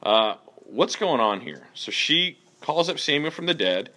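A man's voice: a little high, sing-song, unhurried, pushed and bright. A man leading a group Bible study in a casual way, reading verses and asking the group questions.

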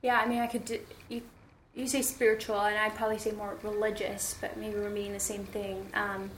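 A woman telling stories as an interview guest, chatty and animated, with many fillers. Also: mid-range voice, brisk, a little hiss or hum. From United States. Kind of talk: conversational storytelling. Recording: echoey room.

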